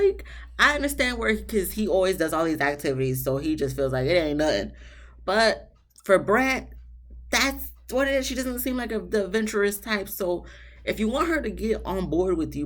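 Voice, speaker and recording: A woman hosting a casual reality TV recap, chatty and opinionated. She addresses the couples directly and jumps to a high, emphatic pitch when she does. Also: expressive, moderate pace. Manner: talks straight to the people on the show, laughing at her own asides. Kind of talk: casual episode recap commentary.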